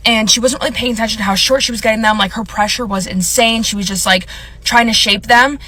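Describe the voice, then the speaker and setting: A woman's voice: a little high, steady tone, quick pace, bright, forceful tone. A young woman telling a rambling storytime about a bad nail appointment, upset and close to tears, filling her talk with "like". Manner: rambling, filler-heavy, upset. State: on the verge of tears. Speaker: content creator. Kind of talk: storytime vlog.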